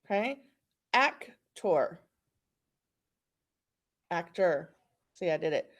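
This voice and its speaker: A woman's voice: a little high, lively intonation, slow pace. A woman with an Oklahoma accent teaching a phonics lesson, patiently repeating words for students to practice.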